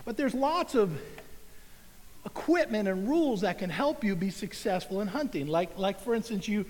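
A middle-aged man telling a story to a live audience in a large hall, in a folksy, animated way with laughs and exclamations. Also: high-pitched, normal speed. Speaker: speaker at an event. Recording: long hall reverb.

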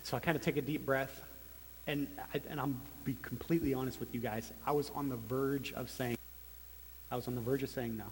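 A man in his thirties giving a personal testimony sermon as a church planter, telling his story earnestly and haltingly. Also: medium pitch, fairly even intonation. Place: large meeting room. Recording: long hall reverb.

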